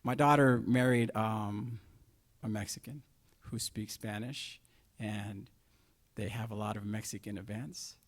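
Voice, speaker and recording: Preaching in a lowish, steady, unhurried voice, this middle-aged man asks rhetorical questions. He alternates soft asides with forceful, stressed lines.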